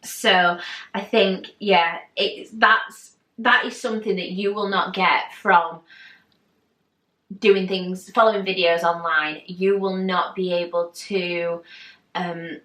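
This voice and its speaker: Brief: woman vlogger, bright forceful voice, lively and chatty, echoey room with the mic set back. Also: lowish voice, takes it slowly, recorded from a distance. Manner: animated, chatty, acts out quotes. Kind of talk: casual storytelling to camera.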